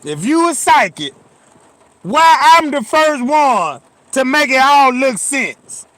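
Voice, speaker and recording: A man giving reaction commentary, animated and profane, who keeps turning to his viewers with questions. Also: extremely high pitch, slow, no room sound.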